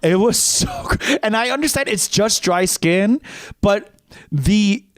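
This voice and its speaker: Male comedy podcast host, casual raconteur, lively pitch, cusses freely, dry close mic. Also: measured pace, no echo. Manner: animated, swears freely, breaks into laughter. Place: podcast recording setup.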